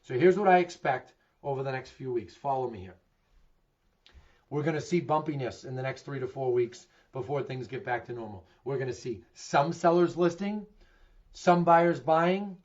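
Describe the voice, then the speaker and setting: A middle-aged man with a Boston accent talks through the housing market to camera, frank and emphatic. He keeps posing questions and answering them himself, in a voice sitting a little high. The recording sounds dull and lo-fi. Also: a little mellow. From Massachusetts. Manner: candid, emphatic, asks and answers his own questions. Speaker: real estate agent giving a market update. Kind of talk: direct-to-camera market commentary.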